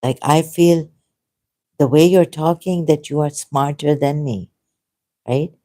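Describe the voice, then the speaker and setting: A leisurely, unhurried speaker with a soft, mellow tone. The talk wanders, hesitates and often turns modest and self-deprecating in a casual conversation. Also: mid-range voice. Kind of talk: casual debate chat.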